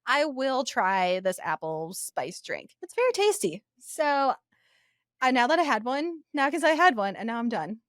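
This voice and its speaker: A young woman co-hosting a podcast speaks in a slightly high voice at a measured pace, telling stories animatedly in casual chat. She laughs often, and the recording is dry and studio quality.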